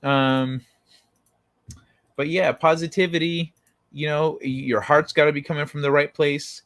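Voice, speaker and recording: Male stream host, slightly high pitch, dry mic sound, rambling and profane. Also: fairly even intonation, measured pace, fairly bright tone, no room sound. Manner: rambling, profane, full of restarts. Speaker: livestream talk show host. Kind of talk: casual chat.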